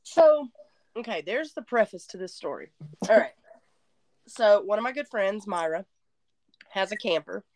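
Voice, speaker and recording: Animated woman telling a story. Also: medium pitch, a little slow, pauses often, no echo, clean studio sound. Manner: animated storyteller, drawling, self-mocking. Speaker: podcast co-host. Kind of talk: casual chat.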